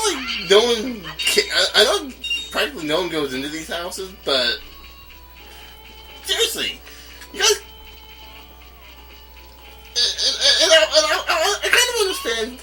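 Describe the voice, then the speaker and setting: A man's voice: extremely high pitch, huge pitch swings, unhurried, pauses often, rough recording. A man from North Carolina giving casual, rambling commentary while playing a game, stammering and chuckling often. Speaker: let's play host. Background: game music.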